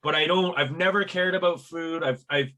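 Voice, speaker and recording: Podcast host, man, bright tense voice, slightly high, animated storyteller with stammered restarts. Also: normal speed. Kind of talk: casual chat.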